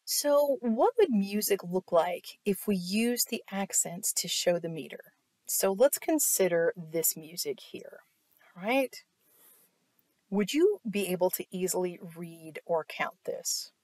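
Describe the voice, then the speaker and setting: A woman's voice: on the low side, expressive, takes it slowly, a little mellow, dry recording. A woman teaching an online music theory lesson, explaining step by step and often checking in with "right?". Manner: explanatory, asks "right?" often, claps to demonstrate.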